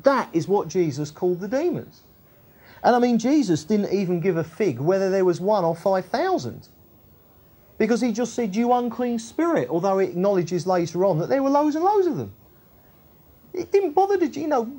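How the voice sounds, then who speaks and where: Husky, warm-voiced woman teaching scripture. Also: medium pitch, big pitch swings, normal speed. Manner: chatty and colloquial, with frequent tag questions. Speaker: Bible teacher. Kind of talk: Bible teaching, reading and explaining scripture.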